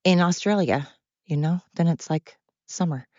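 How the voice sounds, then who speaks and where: A woman's voice: lowish voice, moderate pace, a little mellow, dry recording, dull audio. A woman hosting her own podcast, chatting casually and self-deprecatingly, drifting from one thought to the next. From Oregon, USA. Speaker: podcast host. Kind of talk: casual rambling monologue. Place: home with dogs.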